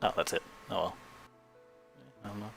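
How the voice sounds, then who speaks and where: A man's voice: on the low side, steady tone, normal speed, gravelly, a bit bright, husky, soft background music. A young Australian man with an Australian accent, chatting casually and rambling with self-amused asides as a streamer.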